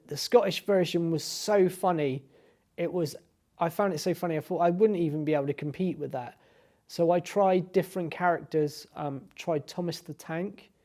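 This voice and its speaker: A man's voice: high voice, a little mellow. A young man chatting casually in an interview, rambling with many restarts. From Cornwall. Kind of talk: casual chat.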